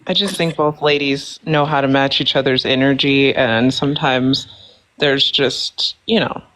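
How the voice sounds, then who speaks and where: A man joining a casual live stream chat, hesitant and conciliatory, filling pauses with likes and ums. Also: mid-range voice, fairly even intonation, pushed and bright, slight background noise, rough recording. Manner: hesitant, conciliatory, many fillers.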